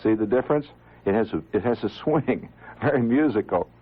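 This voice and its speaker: A man and amateur radio operator giving an informal, animated talk to listeners, chuckling now and then and often restarting his sentences. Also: mid-range voice, normal speed, slightly rough, muffled recording.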